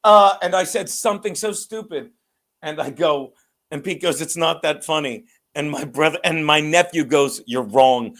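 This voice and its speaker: Middle-aged male host, high voice, loose comic storyteller. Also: fairly bright tone. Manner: storytelling, laughing, quick asides. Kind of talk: casual comedic chat.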